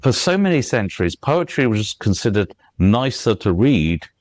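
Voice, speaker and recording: A man's voice: lowish voice, very animated, moderate pace, darkish tone, no room sound. A man being interviewed as a guest author, explaining at length with frequent fillers and restarts, reciting lines of verse and tapping out their rhythms. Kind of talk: conversational podcast interview.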